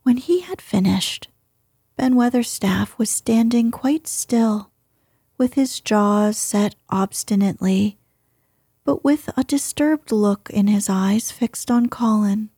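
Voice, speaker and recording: A woman reading a novel aloud in whispered storytelling, soft and gentle, close to the mic. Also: medium pitch, husky, no room sound.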